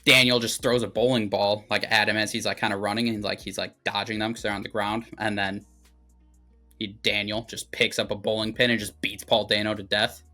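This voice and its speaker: A man's voice: fairly low pitch, flat delivery, fairly quick, sharp tone, soft background music. A young man casually recapping a movie plot on a podcast, rambling with lots of fillers and swearing. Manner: rambling, filler-heavy, profane. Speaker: movie review podcast host.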